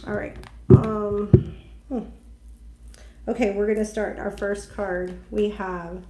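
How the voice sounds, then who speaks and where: A woman thinks aloud through a tarot reading, chatty and openly emotional. Her voice is mellow and unhurried, with a middling pitch. The room sounds echoey, with a faint hiss underneath. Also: little pitch movement. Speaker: tarot reader. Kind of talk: intuitive tarot reading for viewers.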